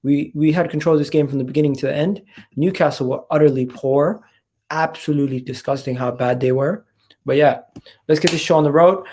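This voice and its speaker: A man hosting a casual football fan chat, excitable and given to repeating and restarting his phrases. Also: fairly high pitch, a little fast. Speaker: fan channel host.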